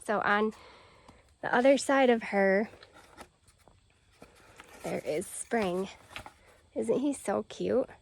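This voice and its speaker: Out on her deck and porch, a home and garden vlogger talks straight to her viewers, enthusiastically showing off her plants and porch decorations. Her medium-pitched voice is gravelly and slow, with frequent pauses. The rough recording carries slight background noise.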